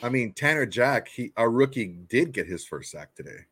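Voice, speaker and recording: A man co-hosting a casual post-game sports show, relaxed and laughing easily, often searching for words. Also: medium pitch, moderate pace, husky, dry recording. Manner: laid-back, laughs often, trails off with fillers. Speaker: podcast co-host.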